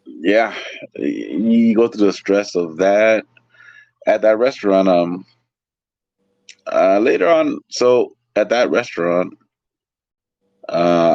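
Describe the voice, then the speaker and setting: A man from Lake Tahoe, California, recounts his waiter stories in easy, casual talk. His voice sits low, and he slips in other people's voices as he goes. The recording is dry and a little dull. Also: no room sound. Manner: animated, acts out quoted people, swears casually. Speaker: interview guest, waiter. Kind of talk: casual storytelling.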